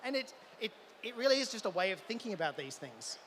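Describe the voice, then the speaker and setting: A man's voice: sits high, very animated, fast talker, a bit bright, a little hiss or hum. An Australian man giving a live conference talk, enthusiastic and full of stammering restarts. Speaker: conference speaker. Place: event hall.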